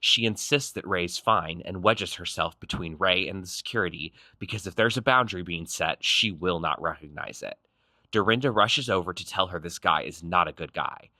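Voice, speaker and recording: A man's voice: deep voice, sharp tone, no echo. A man narrating a reality show recap in a snarky, punchy scripted style. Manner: snarky, punchy, quick quips.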